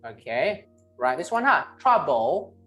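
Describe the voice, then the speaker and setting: A male English teacher with a Vietnamese accent runs an online pronunciation drill, modeling each word slowly and emphatically and ending most phrases with "right?" or "huh?". His voice is fairly high and a bit bright, with big pitch swings, over soft background music.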